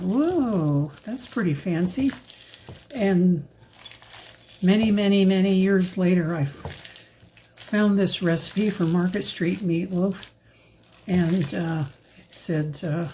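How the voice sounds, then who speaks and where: Older woman, warm low-key voice, slow and rambling, showing a recipe in her kitchen. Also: slight background noise, poor audio. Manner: chatty, rambling, with fillers and asides. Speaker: home cook filming a recipe video. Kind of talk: casual cooking demonstration. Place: home kitchen.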